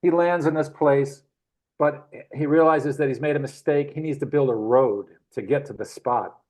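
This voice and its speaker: A middle-aged man, the guest, telling rambling adventure anecdotes in a casual, animated way with frequent chuckles. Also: medium pitch, normal speed, rough recording. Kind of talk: casual storytelling.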